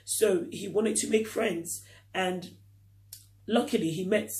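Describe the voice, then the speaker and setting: High-voiced man asking earnest questions. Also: slow, a little mellow. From Nigeria. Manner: earnest, full of rhetorical questions. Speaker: vlogger. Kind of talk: reflective talk to camera.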